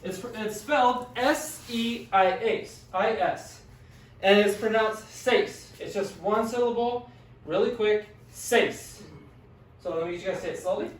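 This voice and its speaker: A high-pitched male Spanish teacher works through a classroom language lesson at a moderate pace, sounding out words with patience and offering his students encouragement. The sound is echoey and the microphone far away.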